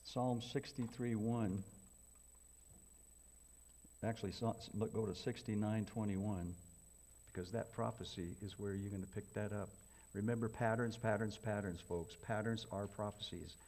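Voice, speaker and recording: Low, mellow-voiced man preaching a sermon. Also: steady tone, normal speed. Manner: dramatic swings from loud emphatic to hushed whispers; folksy, repetitive, addresses congregation as folks.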